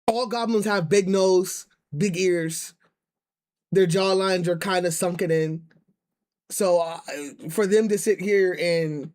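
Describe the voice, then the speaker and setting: A man with a high voice rants through a casual live stream. He rambles, restarts his sentences and keeps circling back to the same point. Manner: ranting, rambling with many restarts. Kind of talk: casual chat.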